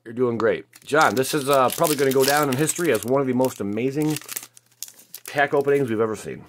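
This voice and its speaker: A man hosting a casual card-opening video, chatty and excitable, exclaiming over each pull with lots of fillers. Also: medium pitch, fast talker, slight background noise. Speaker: card-opening channel host. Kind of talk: casual pack-opening commentary.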